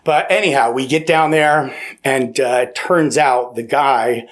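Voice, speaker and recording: A man telling stories casually on a podcast as a guest. He is animated, laughs a lot, acts out quotes and swears freely. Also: mid-range voice, a little slow. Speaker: podcast guest, former paramedic. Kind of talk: casual storytelling. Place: podcast studio.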